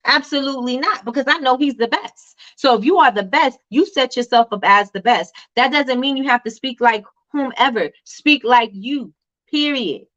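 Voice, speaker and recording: Loud, chatty woman hosting a livestream. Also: high voice, moderate pace, lo-fi sound. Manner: loud, animated and repetitive, talks straight to viewers. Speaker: host of a live business tips show. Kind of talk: casual live-stream chat reading comments.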